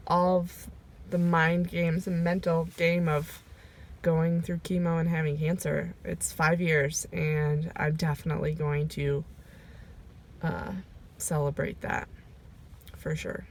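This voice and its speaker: A woman recording a personal video diary, talking reflectively and emotionally, pausing often with fillers as she goes. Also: low voice. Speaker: vlogger. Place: sitting in her car. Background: rain.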